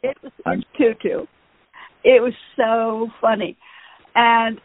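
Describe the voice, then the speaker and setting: Husky-voiced woman telling a lively story. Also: fairly high pitch, no echo. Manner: animated, laughing, acts out voices in her stories. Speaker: podcast co-host. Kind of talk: casual storytelling chat. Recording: phone-like, narrow band.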